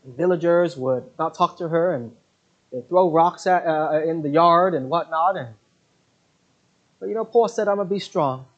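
A man preaching a sermon who tells mission stories in an earnest, halting way, with many fillers. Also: a little high. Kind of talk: sermon with storytelling. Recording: dull lo-fi recording.

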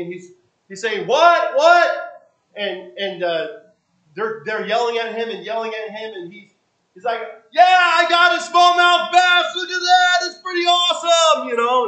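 A man preaching a sermon, often repeating and restarting his phrases, and moving between soft low asides and loud bursts. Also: poor audio.

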